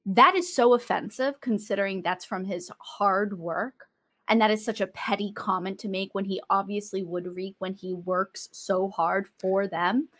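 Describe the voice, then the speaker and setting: A woman co-hosting a casual podcast critique, reading a novel aloud and reacting in an animated, exasperated, chatty way. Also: mid-range voice, moderate pace. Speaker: podcast co-host.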